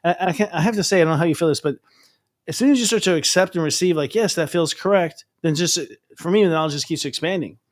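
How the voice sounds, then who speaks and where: Fast excitable guy hosting a chat, higher voice, rambles with lots of fillers. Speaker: astrologer host. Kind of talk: casual interview chat.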